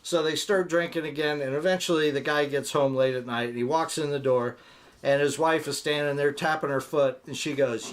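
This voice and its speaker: A man's voice: medium pitch, a little fast. A middle-aged man co-hosting a casual live-stream chat, rambling and telling jokes while he acts out the voices in them. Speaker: co-host of a live motorcycle chat.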